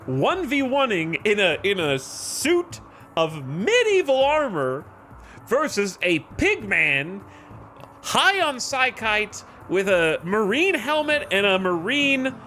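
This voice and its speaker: A man's voice: high voice, bright, forceful tone, slight background noise, voice pushed up, heavily acted. A man voicing a stern male colony leader with a Birmingham accent, delivering a theatrical, scolding eulogy. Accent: Birmingham, England.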